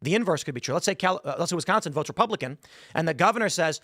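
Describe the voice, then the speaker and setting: A man hosting a political talk show, arguing his case intensely and building to loud, emphatic peaks. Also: sits high, animated, rapid-fire, no room sound, clean studio sound. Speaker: podcast host.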